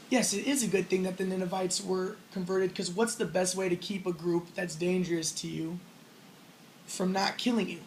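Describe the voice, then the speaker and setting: A man's voice: high voice, slight background noise, rough recording. A man giving a casual spoken lecture on religion, rambling as he explains and acting out the lines he quotes.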